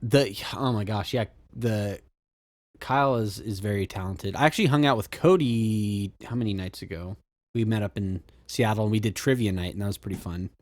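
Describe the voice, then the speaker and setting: A man's voice: fairly low pitch, moderate pace, darkish tone, dry recording. A man co-hosting a podcast in casual chat, rambling with fillers and restarts. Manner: rambling, frequent fillers and restarts, laughs often. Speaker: podcast co-host.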